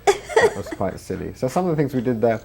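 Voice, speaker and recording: A man's voice: mid-range voice, huge pitch swings, brisk, vocal fry, darkish tone, slight background noise. A man, a comedian and filmmaker chatting in an interview and laughing through his stories. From England. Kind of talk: interview anecdotes.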